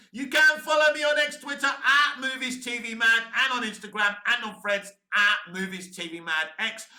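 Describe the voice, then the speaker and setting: Bright high-voiced male show host. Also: echoey room. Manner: chatty and animated, playful asides. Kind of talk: casual movie news commentary.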